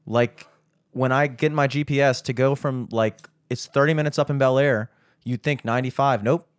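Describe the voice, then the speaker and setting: A young man rambles through a podcast, swearing freely as he rants. His voice sits at an ordinary middle pitch, and the recording is dry and close, with no room echo. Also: steady tone, moderate pace. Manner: rambling, profane, ranting. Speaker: podcast host. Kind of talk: casual chat.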